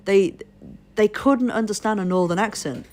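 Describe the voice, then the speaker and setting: A woman's voice: mid-range voice, moderate pace, a little mellow. A woman from Leeds, England with a posh English accent, chatting on a live stream and telling rambling stories full of swearing. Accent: posh southern English. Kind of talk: casual chat.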